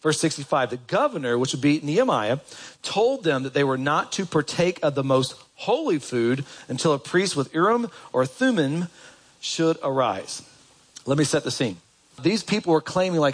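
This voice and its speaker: A man delivers a sermon to his congregation in a relaxed, conversational way. His voice sits a little higher than most men's, and he keeps asking the room questions. He reads passages aloud between his own remarks. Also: normal speed, breathy edge, low-quality recording. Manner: conversational preaching with rhetorical questions. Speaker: pastor. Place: church.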